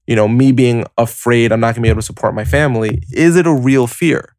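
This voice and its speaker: A man's voice: medium pitch, fast, no echo, clean studio sound. A man hosting a motivational podcast, talking casually and directly to the listener with lots of "like" and "you know". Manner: lively, conversational, heavy use of "like" and "you know"; explains step by step, addressing listener directly. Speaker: podcast host.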